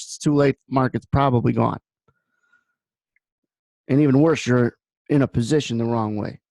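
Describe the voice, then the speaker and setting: A man's voice: fairly high pitch, darkish tone, no echo. A man hosting a trading room, giving blunt market commentary that wanders into personal stories. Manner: blunt, rambling storyteller.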